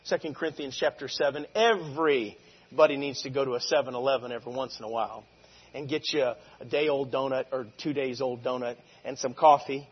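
A man preaching a sermon, moving between conversational asides and loud, drawn-out shouted lines of scripture. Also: mid-range voice, steady tone, husky, in a large hall, lo-fi sound.

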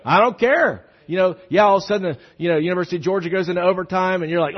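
High-voiced husky male preacher. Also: rapid-fire, hardly any pauses, lo-fi sound. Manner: animated storytelling with many restarts, shifting between loud and hushed. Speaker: pastor. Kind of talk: sermon.

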